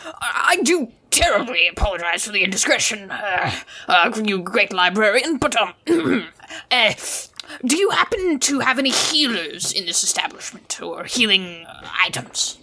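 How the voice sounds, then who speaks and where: A woman's voice: mid-range voice, very animated, normal speed, bright, forceful tone, exaggerated voice, poor audio. A woman voicing a fussy, polite half-elf artificer with a put-on British accent, stammering through apologies. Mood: apologetic, polite.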